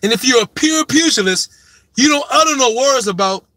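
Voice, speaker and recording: A man's voice: extremely high pitch, very animated, normal speed, bright, forceful tone, dry recording. A man giving a profane, emphatic sports opinion monologue, lecturing his subject and hammering his point home by repeating it. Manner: repeats his main point with heavy stress. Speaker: sports commentator.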